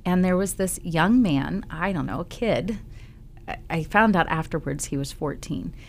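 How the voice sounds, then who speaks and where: A woman's voice: fairly low pitch, moderate pace, slight background noise. A woman hosting a Christian talk radio show, chatting and telling stories with frequent ums. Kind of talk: casual faith talk on radio. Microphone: studio microphone.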